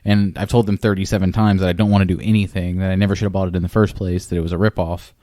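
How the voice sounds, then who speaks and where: A young adult man co-hosting a podcast, talking in a rambling, halting way, full of fillers and swearing. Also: sits low, flat delivery, dark tone, no room sound, studio quality. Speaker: podcast co-host. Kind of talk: casual chat.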